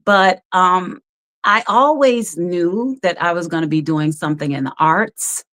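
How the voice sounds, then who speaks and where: Animated, low-voiced woman telling stories. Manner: animated storyteller, quick to laugh, many fillers. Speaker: guest. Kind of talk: casual interview over a live stream. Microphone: video call.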